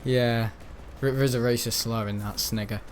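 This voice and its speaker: A man's voice: medium pitch, fairly even intonation, moderate pace, slight background noise. Chatty young guy rambling. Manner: chatty, storytelling, mimics the people he talks about. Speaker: gaming channel host. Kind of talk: casual rambling chat over gameplay.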